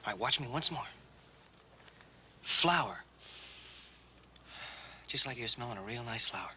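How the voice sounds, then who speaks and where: A patient young teacher, soft and coaxing. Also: male voice, mid-range voice, animated. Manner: slow, coaxing, gentle, often hushed. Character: patient young man teaching a deaf girl. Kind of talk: 1960s television western drama. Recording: hissy old TV soundtrack.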